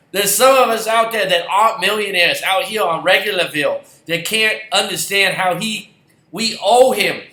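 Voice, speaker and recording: A man's voice: high-pitched, moderate pace, bright, forceful tone. A man and football fan ranting in a heated, sarcastic way, swearing and repeating himself. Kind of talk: angry ranting vlog. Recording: roomy echoey recording.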